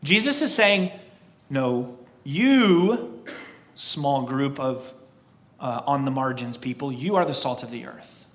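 A man preaching a sermon as pastor, with an emphatic, repetitive cadence and slow, stressed phrases. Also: high voice, a bit bright.

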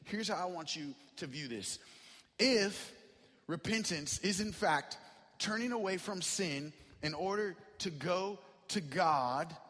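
A man's voice: high voice, a bit bright, slightly rough. A man preaching a sermon as a pastor, telling a personal story in a conversational way that builds to impassioned emphasis. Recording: long hall reverb.

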